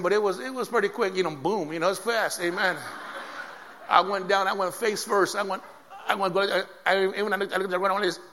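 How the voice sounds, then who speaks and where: A man preaching a sermon, telling a story with lively, laughing energy. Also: sits high, in a large hall. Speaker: pastor.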